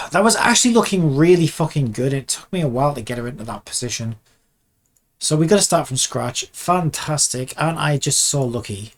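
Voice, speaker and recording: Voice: medium pitch, animated, a little fast. Frustrated indie dev at the keyboard: curses constantly, mutters, restarts thoughts mid-sentence. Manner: exasperated, swears constantly, muttering to self; trails off and restarts sentences while working. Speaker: game developer vlogger. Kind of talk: casual dev vlog commentary while working.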